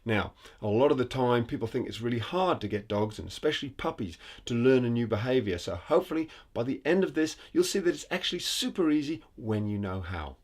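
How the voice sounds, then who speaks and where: A man's voice: medium pitch, lively intonation, a little fast, hardly any pauses, no echo. A man who trains dogs, giving an upbeat, explanatory voice-over lesson. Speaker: dog trainer. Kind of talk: instructional voice-over.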